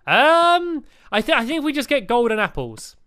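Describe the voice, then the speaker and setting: A man's voice: very high-pitched, very animated, normal speed, bright, forceful tone, clear, resonant tone. A man hosting a casual gameplay video, chatty and upbeat, laughing often as he plays. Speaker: gaming video host.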